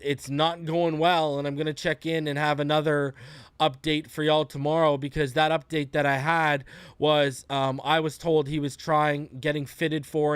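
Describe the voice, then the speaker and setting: A man hosts a live fan podcast, chatting easily and tossing out greetings to his viewers. His voice sits a little high and comes through smooth and clean. The close mic gives a dry sound. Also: fairly bright tone, no room sound. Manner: laid-back, greets viewers by name, slangy. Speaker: podcast host. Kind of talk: casual live-stream chat. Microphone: close desk mic.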